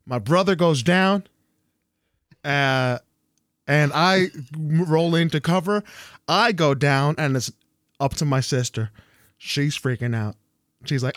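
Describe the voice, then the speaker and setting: A young man co-hosting a casual chat, telling a story with lots of restarts and jumping up in pitch whenever he quotes someone. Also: moderate pace, dry recording, studio quality. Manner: animated, jumps high when quoting people.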